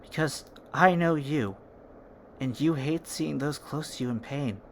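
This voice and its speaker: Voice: mid-range voice, unhurried, a little hiss or hum, close to an everyday voice. A fan storyteller voicing an earnest, caring teenage boy who speaks with impassioned reassurance. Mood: gentle.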